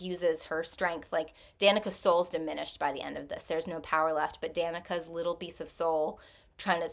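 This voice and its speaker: A woman recapping a book's plot for her channel in a loose, chatty way. She rambles from one point to the next and leans heavily on "like". Her voice sits a little low for a woman. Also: fairly bright tone. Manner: chatty, rambling retelling full of "like". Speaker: book review channel host. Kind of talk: casual plot summary.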